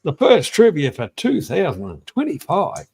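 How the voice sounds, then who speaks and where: A man's voice: a little high, wildly swooping pitch, moderate pace, vocal fry, a little mellow, slightly rough. An Australian man hosts a casual livestream in a slightly raised voice, chatting bluntly and cheerfully. He rambles from one thought to the next, and his voice jumps up when he greets viewers by name. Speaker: livestream host. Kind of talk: casual live-stream chat.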